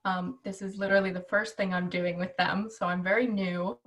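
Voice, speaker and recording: A woman's voice: medium pitch, little pitch movement, a little fast, a bit bright, far from the mic. A woman nurse eagerly introducing herself as a new student in an online class. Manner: eager, upbeat. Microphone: video call. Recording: voice from away from the mic.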